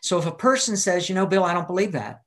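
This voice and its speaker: A man's voice: high-pitched, lively intonation, fast talker, a bit bright. Earnest older man telling a testimony. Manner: earnest, urgent, acts out quoted speakers. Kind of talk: earnest storytelling in a live-streamed interview.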